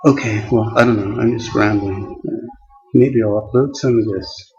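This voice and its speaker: A man vlogging in a rambling casual monologue, halting often with restarts and fillers. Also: fairly low pitch, a little mellow, highs cut off.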